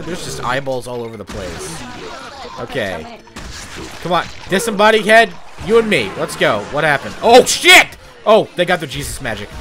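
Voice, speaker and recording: Excitable, swearing let's play man. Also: on the high side. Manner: profane, excitable, sarcastic jokes while playing. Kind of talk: gameplay commentary.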